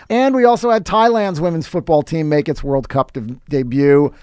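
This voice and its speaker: A man delivers scripted sports commentary as a podcast host, his voice sitting a little high for a man. He is dry and sarcastic, dropping wry asides between facts. The recording is dry, with no room echo. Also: moderate pace, a little mellow, clean tone.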